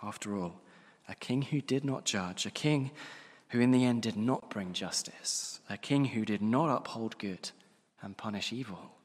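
A man's voice: fairly low pitch, a little slow, big-room sound. A man preaching a sermon in an earnest, emphatic way, often repeating key phrases for weight.

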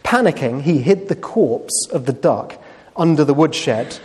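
A male preacher delivers a sermon in a relaxed, conversational way. He tosses rhetorical questions to his listeners and pauses on fillers. His slightly high voice rings out with a long reverb. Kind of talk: sermon with storytelling.

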